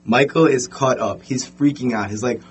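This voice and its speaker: A young man telling a story in a casual podcast chat, animated and full of fillers. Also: mid-range voice, moderate pace.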